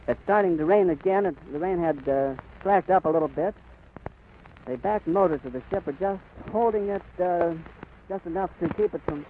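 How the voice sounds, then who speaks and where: Crackly 1930s radio reporter, high voice. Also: male voice. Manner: vivid, flowing description. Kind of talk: live on-the-spot radio report. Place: outdoors on an airfield. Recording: crackly 1930s radio recording, phone-like band.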